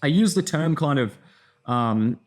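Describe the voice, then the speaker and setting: A man's voice: a little high, animated, measured pace. A tired young man in a casual vlog, telling a rambling story with lots of fillers and swearing. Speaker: content creator.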